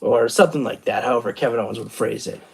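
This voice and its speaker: A man's voice: medium pitch, fast, creaky, a little mellow, slightly rough. A tired man hosting a casual show review, rambling and thinking aloud with many fillers. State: tired from the late hour. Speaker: wrestling channel host.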